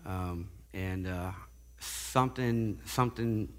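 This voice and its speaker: A man giving a casual spoken testimony, halting and often repeating words as he goes. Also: deep voice, a bit bright, big-room sound. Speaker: guest sharing recovery testimony.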